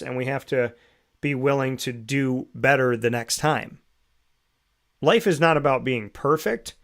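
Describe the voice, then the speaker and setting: Male host, motivational monologue, reflective, asks rhetorical questions, mid-pitched voice. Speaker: show host.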